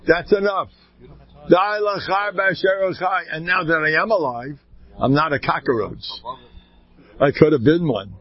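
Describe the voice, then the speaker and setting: Speaking slowly, a man delivers an informal Jewish ethical talk built on storytelling, his animated voice swooping high before dropping into quiet asides. This inspirational speaker laughs between his points. The audio is dry, dull and lo-fi.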